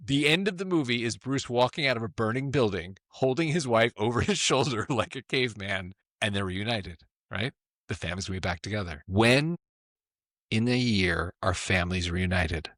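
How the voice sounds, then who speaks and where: A man's voice: lowish voice, normal speed, a bit bright, dry recording, studio quality. A middle-aged man, a former film executive, telling stories as a podcast guest with enthusiasm, acting out quotes and often asking "right?". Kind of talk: animated storytelling conversation.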